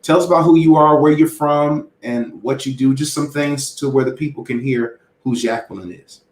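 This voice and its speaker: A man's voice: fairly high pitch, steady tone, normal speed. A man hosting a casual interview chat, upbeat and emphatic, laughing often. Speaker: host. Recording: roomy echo.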